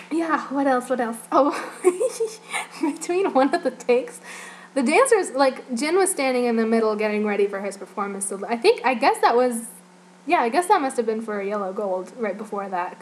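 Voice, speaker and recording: A young woman with a slightly high voice recaps an event she attended. She talks in a casual, giggly, gushing way, stringing her thoughts together with endless "like"s. A faint background noise runs under the recording. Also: lively intonation, moderate pace. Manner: giggly, gushing, heavy use of "like". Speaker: fan giving an event report.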